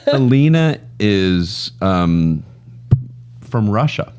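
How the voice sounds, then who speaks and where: Man, low voice, podcast co-host, self-mocking joker with a lively swing in his delivery. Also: drawn-out words, smooth. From Scotland. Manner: joking, self-deprecating storyteller. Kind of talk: casual podcast banter. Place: studio.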